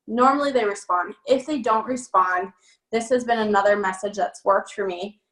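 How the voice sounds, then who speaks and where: A young woman working as a network marketing trainer speaks at a normal speed in a medium-pitched, slightly bright voice. The sales training talk is casual and chatty with many fillers, captured on a phone in an echoey room.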